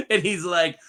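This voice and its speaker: A man's voice: fairly high pitch, a bit bright. A young man casually reviewing a TV episode on his own, rambling and jokey, laughing often at his own asides. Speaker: show reviewer. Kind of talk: casual solo review chat.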